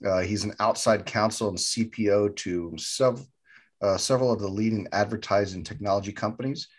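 A man co-hosts a podcast in an upbeat, eager way. His voice is husky and sits fairly low. He chats casually and keeps things lively. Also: fairly quick. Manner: upbeat, enthusiastic, says fantastic a lot. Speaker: podcast co-host.

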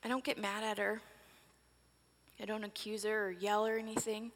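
A woman in her forties telling a sermon story dramatically, swinging from breathless excitement to hushed whispers. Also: mid-range voice, moderate pace, pauses often. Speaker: preacher. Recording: long reverb of a large hall.

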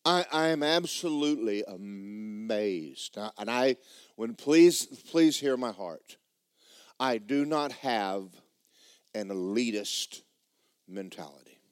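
A man's voice: lowish voice, lively intonation, slow, clear, resonant tone, no echo, studio quality. A man preaching a sermon in a church, folksy and blunt, building to fervent emphasis. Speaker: pastor. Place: church sanctuary.

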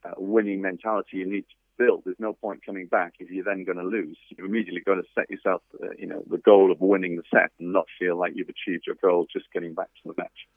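Guest author, male, very low gravelly voice, dry phone-line sound. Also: flat delivery, fast, no echo. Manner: thoughtful, anecdotal, frequent fillers. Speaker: tennis author and coach, guest. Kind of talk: interview over a phone line.

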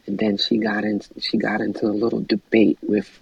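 A woman talks in a low, sultry drawl that is deeply gravelly and husky. Her pitch swings widely. The sound is dull and lo-fi, recorded dry with no room. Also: very animated, a little fast, a little mellow, dry recording. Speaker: podcast co-host. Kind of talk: casual panel chat.

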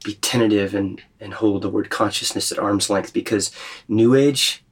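A man leading a group retreat, teaching in a thoughtful, gently questioning way. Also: lowish voice, normal speed, husky. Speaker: retreat leader. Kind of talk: reflective spiritual teaching.

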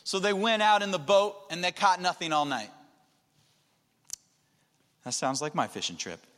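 A man preaching a sermon, dropping to a hushed low voice and then rising to loud, emphatic lines. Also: very animated, normal speed. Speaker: pastor. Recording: long hall reverb.

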